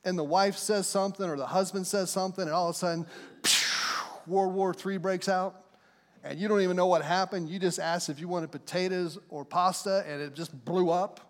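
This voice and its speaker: A man's voice: high-pitched, steady tone, fairly quick. A man preaching a sermon in a church, fervent and conversational, often putting questions to the congregation. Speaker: pastor. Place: church sanctuary. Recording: long reverb of a large hall.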